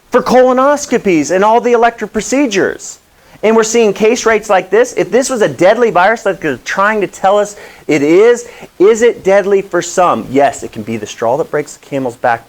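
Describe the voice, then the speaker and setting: A man hosting his own health vlog as a wellness doctor, talking straight to the viewer in an impassioned, preachy way with rambling asides. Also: on the high side. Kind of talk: direct-to-camera health vlog.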